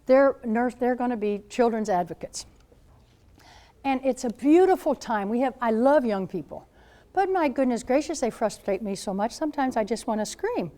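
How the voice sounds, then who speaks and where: A woman in her seventies, a Catholic nun speaking to high school students as a guest speaker, telling stories in an animated way and acting out what people said. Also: normal speed. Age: 70s. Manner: animated storyteller, acts out quoted voices. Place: school gathering room.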